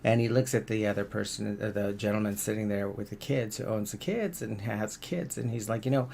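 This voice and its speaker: A man's voice: on the low side, brisk, gravelly, darkish tone, a little hiss or hum. A man giving a casual motivational talk on self-help, rambling a little and repeating words as he searches for the next thought.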